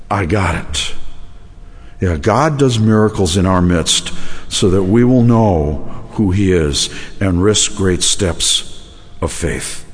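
A male pastor preaching with a fairly low voice. He tells stories with self-deprecating humor and acts out what people said. His voice carries a long, echoing church reverb. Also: unhurried, husky. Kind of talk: sermon. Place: church sanctuary.

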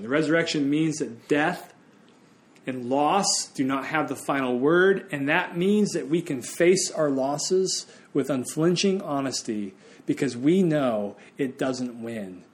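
Man, pastor, sermon, earnest, slightly high voice. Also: slow.

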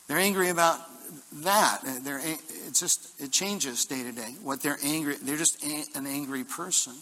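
Pastor, male, bright forceful voice, upbeat joking sermon, long hall reverb. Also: on the high side, normal speed. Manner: lively, jokey preaching with congregation call-and-response. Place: church hall.

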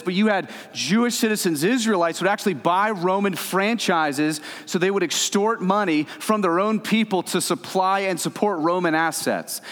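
Male pastor preaching in a hall. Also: sits high. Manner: animated, emphatic preaching that swings loud and soft. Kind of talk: sermon. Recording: reverberant hall.

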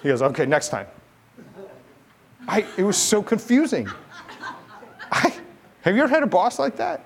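A middle-aged man preaching a sermon from the United States, talking in a relaxed, conversational way and telling a personal story with lively delivery. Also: normal speed, creaky. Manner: conversational, animated storytelling with rising pitch in quoted dialogue. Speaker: pastor.

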